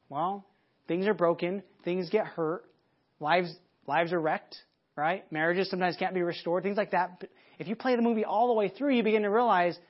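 A man from the United States preaching a sermon in a conversational way, acting out people's thoughts as he goes. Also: high-pitched. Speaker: pastor. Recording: dull lo-fi sermon audio.

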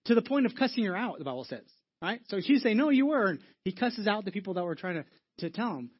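A man's voice: sits high, expressive, fast talker, husky, muffled recording. A man preaching a sermon as a church pastor, telling stories conversationally with frequent restarts and repeated words.

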